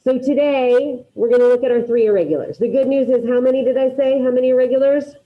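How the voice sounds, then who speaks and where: A woman teaching a class, drilling her students through repetition and quizzing them with quick questions in an upbeat way. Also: sits high, phone-quality sound. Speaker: Spanish teacher. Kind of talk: classroom grammar lesson.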